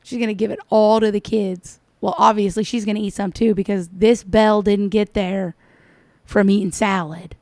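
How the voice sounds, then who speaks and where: A woman's voice: medium pitch, steady tone, normal speed, darkish tone. A woman giving sarcastic, scolding reaction commentary over a cooking video. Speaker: commentator reacting to another vlogger.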